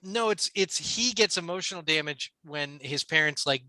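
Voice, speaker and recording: A man's voice: on the high side, normal speed, pushed and bright, no room sound. A man co-hosting a podcast in casual chat, rambling and hesitant, with lots of restarts and casual swearing. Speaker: podcast co-host.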